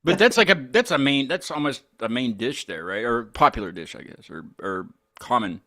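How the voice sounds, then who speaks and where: A man hosting a casual interview, rambling and halting, with many restarts. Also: medium pitch, lively intonation, sharp tone. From United States. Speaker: podcast host.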